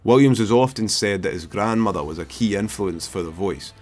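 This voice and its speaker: A Scottish film reviewer talking in a low voice, with an opinionated, sweary bluntness. His scripted commentary moves briskly. Faint music plays underneath. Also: darkish tone.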